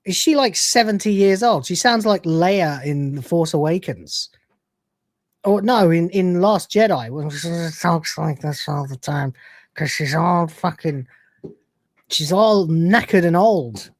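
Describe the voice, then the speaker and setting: A woman's voice: lowish voice, expressive, measured pace, no echo. A British woman hosting a livestream, reacting to clips and reading super chats, swearing a lot, often exasperated, and laughing often. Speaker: host.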